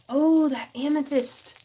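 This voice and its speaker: A woman hosting a craft livestream from her home craft room, excitable and quick to gasp and laugh as she talks into a phone. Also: high voice, slight background noise. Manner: excitable, gasping and laughing over gifts. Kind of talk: casual live stream chat.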